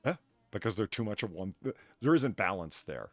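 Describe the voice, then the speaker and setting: A man's voice: on the low side, sing-song, brisk, dry recording, faint music behind. A man in casual stream chat, opinionated, reading news bits aloud and laughing often.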